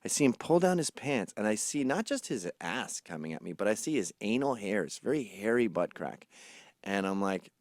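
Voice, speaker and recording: A man's voice: fairly low pitch, big pitch swings, moderate pace, dry recording, clean studio sound. A man hosting a comedy podcast, telling crude stories animatedly and acting out other people's voices. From Scotland. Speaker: podcast host. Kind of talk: comedic storytelling.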